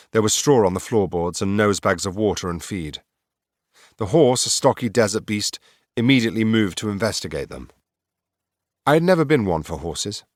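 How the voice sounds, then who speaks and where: A man reading a fantasy audiobook in a wry, sardonic first person. His voice sits very low. The recording is dry and close. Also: dry recording. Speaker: audiobook narrator. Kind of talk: scripted narration.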